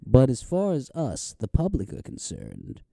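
A man hosting a comedy podcast in a mock-formal, deadpan way, playing the moderator. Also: mid-range voice, measured pace, gravelly, no room sound, clean studio sound. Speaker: podcast host. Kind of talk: mock talk-show hosting.

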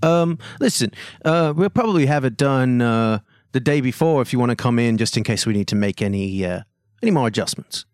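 A man's voice: medium pitch, expressive, brisk, smooth, no echo, studio quality, lightly acted. A man voicing a courteous male mask-maker running a shop, with polite, obliging shop talk.

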